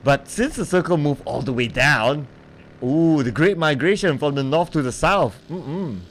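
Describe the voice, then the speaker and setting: A man casting a mobile esports match live, in a relaxed, chatty way and laughing easily. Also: on the high side, measured pace. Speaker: esports caster. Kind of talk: live game commentary. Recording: faint background noise.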